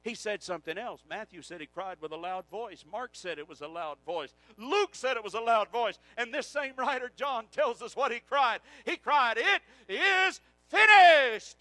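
A man preaching a sermon, swinging from hushed passages to shouted climaxes. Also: high voice, normal speed, hardly any pauses, no room sound, poor audio.

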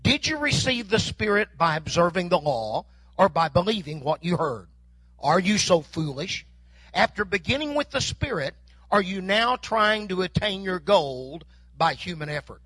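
A man's voice: sits high, very animated, normal speed, a bit bright, no room sound. An older man preaching a sermon, telling folksy stories and acting out bits of dialogue. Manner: folksy storytelling with mock dialogue. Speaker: pastor.

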